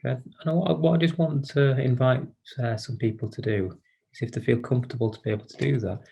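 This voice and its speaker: A man presenting an online workshop for carers over a video call, speaking in a gentle, inviting way with frequent hesitations and restarts. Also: medium pitch, fairly even intonation, fast, creaky, breathy edge.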